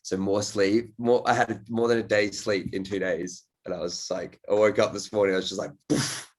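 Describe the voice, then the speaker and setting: Low-voiced rambling male podcast host. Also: level tone, a little fast. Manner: rambling, loose, swears freely. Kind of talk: casual podcast chat.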